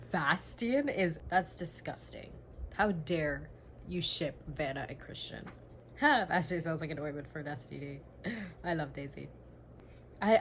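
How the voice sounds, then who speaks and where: Young woman, low-pitched, gushing and excitable, sometimes whispering, over a faint background noise. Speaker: book vlogger. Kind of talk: casual reading vlog reactions.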